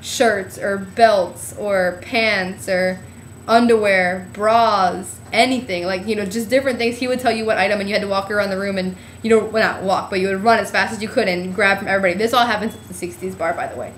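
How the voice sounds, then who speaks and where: A woman's voice: medium pitch, steady tone, a little fast, reverberant, a little hiss or hum. A young woman from New Jersey telling a trip story in a giggly, rambling way, full of "like". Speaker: vlogger. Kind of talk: casual storytelling.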